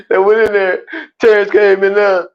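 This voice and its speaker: A man's voice: sits high, measured pace, clear, resonant tone, dull audio. A man co-hosting a casual movie podcast, acting out scenes with lots of laughter. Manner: animated storyteller who acts out scenes and laughs a lot. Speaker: podcast co-host. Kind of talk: casual movie-review chat.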